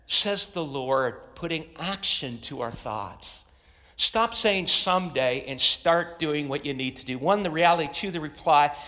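A man's voice: on the high side, moderate pace, a bit bright. A middle-aged man preaching a sermon as pastor, emphatic, repeating phrases and rallying his congregation. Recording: long reverb of a large hall.

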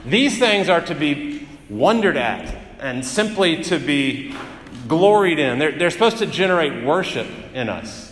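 A man's voice: fairly high pitch, very animated, unhurried, fairly bright tone, a little hiss or hum. A male pastor giving a sermon in an earnest, emphatic way, often repeating phrases. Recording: echoey hall with long reverb.

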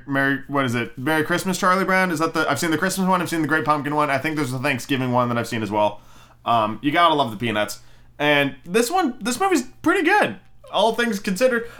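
Guy rambling a movie review on his podcast, lots of ums, swears a bunch, clear voice. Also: medium pitch, pushed and bright. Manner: rambling, profane, many ums and restarts; jokey, does mocking voices of characters. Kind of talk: casual solo review chat.

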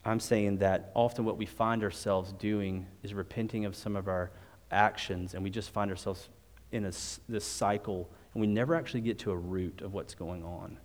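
A man's voice: fairly low pitch, fairly even intonation, normal speed. A man preaching a sermon at a church service and closing in prayer. He talks in an earnest, conversational way, often restarting his sentences. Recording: long reverb of a large hall.

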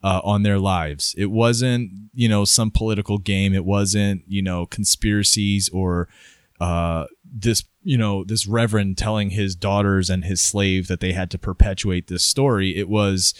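Man, low voice, dry close sound, casual podcast chat, jokey storyteller. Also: steady tone, measured pace, clean tone, dry recording.

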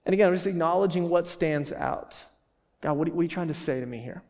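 A man's voice: fairly high pitch, fast talker, a little mellow. Casual joking pastor, man, hall echo. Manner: casual, joking, many fillers and restarts. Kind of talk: sermon. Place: church hall. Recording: reverberant church hall.

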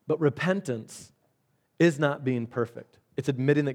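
A man's voice: mid-range voice, normal speed, darkish tone. A man preaching a conversational sermon, reading scripture and explaining it with everyday examples, sometimes repeating words. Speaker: pastor.

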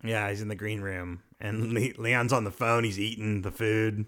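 A man's voice: lowish voice, moderate pace. A man co-hosting a podcast, casually narrating a TV episode as he watches and mimicking the characters' lines. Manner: narrates scenes and quotes characters with animated mimicry. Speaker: podcast co-host. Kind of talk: casual watch-along commentary.

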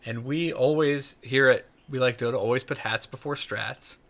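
A man with a bright, forward voice co-hosts a casual gaming podcast. He rambles through his points and leans on filler words. His pitch sits in a middle range. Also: normal speed. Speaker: podcast co-host.

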